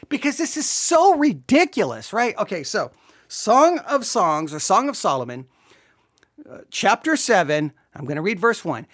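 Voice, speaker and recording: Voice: mid-range voice, a bit bright, no echo. A commentator reviewing a sermon in a sarcastic, incredulous way, often close to laughing. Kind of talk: mocking commentary.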